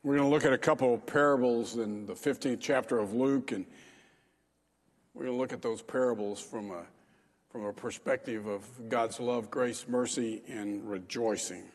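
A man's voice: mid-range voice, normal speed, husky, big-room sound. A man preaching a sermon as pastor, talking in a conversational way with frequent fillers.

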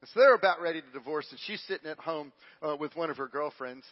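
A male pastor with a high, bright-pitched voice preaches a sermon, telling stories with loud, lively bursts that drop into hushed stretches. The sound is dull and lo-fi, as from a livestream. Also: fast.

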